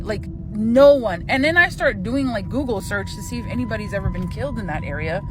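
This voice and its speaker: Animated young woman telling a spooky story. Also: a little high, brisk, few pauses, background noise. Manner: animated, profane, excitable. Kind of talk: casual storytime.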